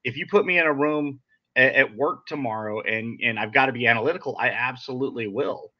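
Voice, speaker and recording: A man's voice: mid-range voice, brisk. A man hosting a casual podcast chat, talking in a blunt, direct, sarcastic way. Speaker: podcast host. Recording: dull lo-fi sound.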